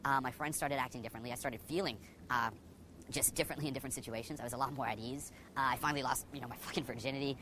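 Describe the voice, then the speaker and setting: A man's voice: medium pitch, steady tone, racing, background noise. A young man, a dating coach, telling his personal story to the camera in a candid way, full of swearing and "you know" fillers.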